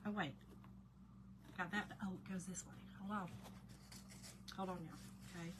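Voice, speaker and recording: A woman's voice: fairly low pitch, steady tone, measured pace. A woman hosting a casual live craft demo, greeting viewers by name and muttering to herself while she works. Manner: chatty, warm greetings to chat viewers, often drops to quiet mutters while concentrating. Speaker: craft livestream host. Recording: noticeable background noise.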